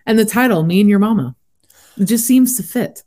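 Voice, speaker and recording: A woman's voice: mid-range voice, brisk, warm tone. A chatty woman hosting a podcast in a casual conversation. She laughs easily, and her voice stays in a middle range for a woman. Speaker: podcast host.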